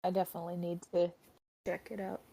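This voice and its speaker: A woman co-hosting a book podcast, speaking in an unhurried way with hesitant fillers. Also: fairly low pitch, monotone, vocal fry, mellow. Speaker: podcast co-host. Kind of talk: casual podcast chat.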